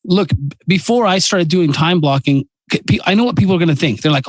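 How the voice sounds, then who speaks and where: A man's voice: fairly high pitch, brisk, no room sound, low-quality recording. A man co-hosting a business podcast, talking earnestly in a casual way with frequent restarts and fillers.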